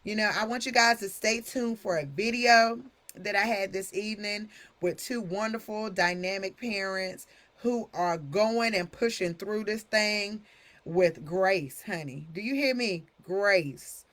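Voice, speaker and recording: A woman's voice: medium pitch, unhurried, fairly bright tone. A woman hosting a live stream talk, chatty and familiar, calling her viewers honey. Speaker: host.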